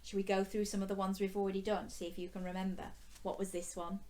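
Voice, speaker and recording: A woman teaching a phonics lesson to young children, animated and sing-song, with exaggerated gasps of surprise and drawn-out letter sounds. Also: mid-range voice.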